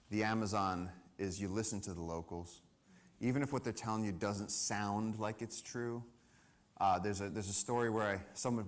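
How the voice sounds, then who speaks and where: A man with a fairly low voice tells field stories to a live audience from a summit stage. He talks in an animated way and acts out the people he quotes. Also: a little hiss or hum. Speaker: conservation speaker. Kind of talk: storytelling talk to a live audience.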